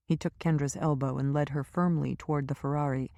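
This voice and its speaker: A woman reading a crime thriller audiobook in an even, measured narration. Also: low-pitched, gravelly, dry recording, clean studio sound. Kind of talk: scripted narration.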